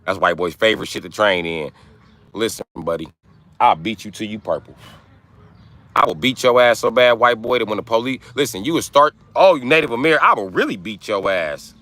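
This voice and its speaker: A man's voice: fairly low pitch, brisk, bright, forceful tone. A man hosting a livestream, ranting in brash, profane trash talk. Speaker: livestream host. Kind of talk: live-stream rant.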